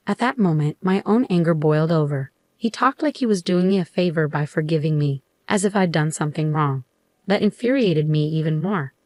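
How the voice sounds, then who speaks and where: A woman narrating a first-person story in an even, measured way. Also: deep voice, no echo.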